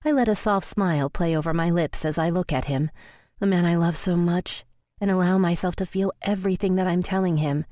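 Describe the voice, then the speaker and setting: A woman's voice: fairly low pitch, moderate pace, warm tone, no echo, studio quality. Intimate woman narrating a romance audiobook. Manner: intimate, emotional reading.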